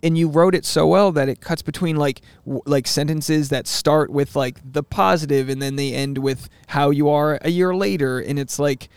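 A man in his thirties hosts a relaxed podcast conversation, with a gravelly edge to his slightly raised voice. He keeps tossing in jokey asides and laughs easily. The sound is dry and close, with no room around it. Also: on the high side, normal speed, hardly any pauses, no room sound. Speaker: podcast host. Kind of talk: casual podcast chat.

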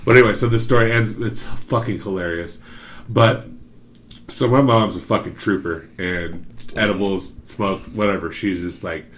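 A man's voice: lowish voice, normal speed, a bit bright. A man telling a long story in casual chat, loose and profane. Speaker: podcast co-host telling a story.

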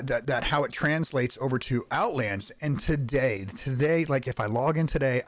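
A man hosting a podcast interview, telling rambling, excited stories and swearing casually. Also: medium pitch, no echo. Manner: excited rambling storyteller who swears freely. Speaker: podcast host.

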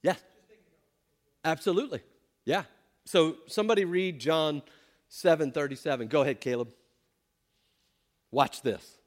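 A man's voice: a little high, measured pace, pauses often. A man teaching scripture to a group, emphatic, often asking them questions. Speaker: pastor or Bible teacher. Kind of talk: interactive Bible teaching.

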